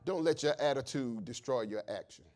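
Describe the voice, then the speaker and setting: A man preaching a sermon, impassioned and shouting at the peaks, asking questions and answering them himself, and telling stories with acted voices. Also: medium pitch, moderate pace. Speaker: pastor.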